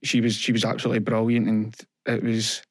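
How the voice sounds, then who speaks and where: A young man with a Scottish accent, a guest in an interview, telling his story in an earnest, halting way and quoting what people said to him. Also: on the low side, monotone, no echo, studio quality. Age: young adult. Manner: earnest, halting, retells events with quoted dialogue. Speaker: podcast guest. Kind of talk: candid personal interview.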